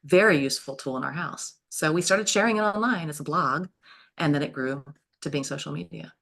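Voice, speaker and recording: A woman, telling homestead stories in a lively, animated way as an interview guest. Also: low voice, a little fast, gravelly. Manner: lively, animated storyteller with frequent laughs. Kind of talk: storytelling in an interview.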